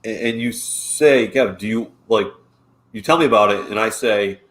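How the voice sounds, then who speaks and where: A man's voice: lowish voice, normal speed, a bit bright. A man co-hosting a casual podcast, emphatic and repeating himself when worked up. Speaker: podcast co-host.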